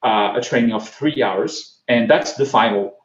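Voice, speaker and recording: French-accented man, halting tech talk. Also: mid-range voice. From France. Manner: halting, frequent repeats and fillers. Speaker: conference speaker. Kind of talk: technical conference talk. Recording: roomy, slightly dull recording.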